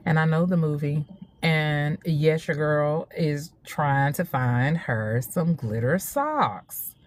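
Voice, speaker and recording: Woman, forties, lowish voice, emphatic casual monologue with laughs. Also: takes it slowly, no room sound. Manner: animated, laughing, emphatic repetition. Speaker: social media host.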